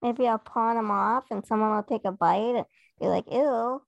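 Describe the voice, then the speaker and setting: Podcast co-host, woman, creaky gravelly voice, rambling stories, dry close mic. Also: medium pitch, steady tone, moderate pace, dry recording, highs cut off. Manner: rambling storyteller, acts out what others said. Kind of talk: casual chat.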